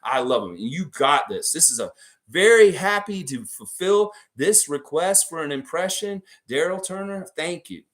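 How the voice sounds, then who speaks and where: A man in his forties from Florida, hosting a casual fan livestream, talking in an excitable, profane, rambling way. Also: fairly high pitch, normal speed. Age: 40s. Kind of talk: casual sports fan commentary.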